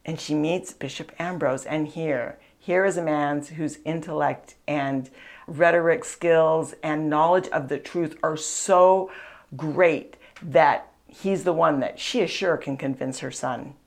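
A woman's voice: deep voice, fairly even intonation, slow pace. A woman hosting a faith podcast, telling a saint's story in an earnest, chatty way with frequent asides. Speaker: podcast host, author and speaker. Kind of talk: conversational storytelling teaching.

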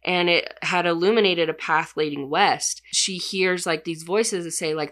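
A woman's voice: lowish voice, fairly even intonation, normal speed, few pauses, a bit bright. A woman casually retelling a fantasy story's plot, chatty and loose, filling her sentences with "like". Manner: chatty, filler-heavy, says "like" constantly.

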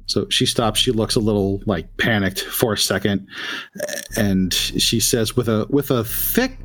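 A man's voice: on the low side, measured pace, fairly bright tone. A man narrating a tabletop game as game master, with loose, filler-heavy phrasing.

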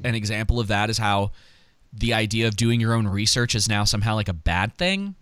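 A man's voice: fairly low pitch, brisk, fairly bright tone, clean tone, dry recording. A man co-hosting a podcast, talking casually with frequent "like"s and restarts. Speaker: podcast co-host. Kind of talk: casual political chat.

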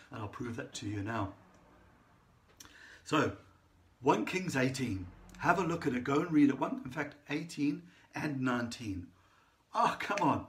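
A man preaching a sermon, telling a Bible story with lively enthusiasm and frequent restarts. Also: mid-range voice.

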